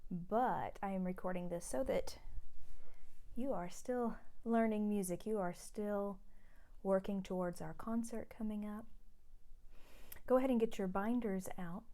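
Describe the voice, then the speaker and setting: A woman teaching middle school choir in a recorded lesson. She talks slowly and patiently and sings short lines as examples. Her voice is warm and mellow, never bright. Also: medium pitch. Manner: patient, explains slowly, models lines by singing. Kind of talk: recorded music lesson for students.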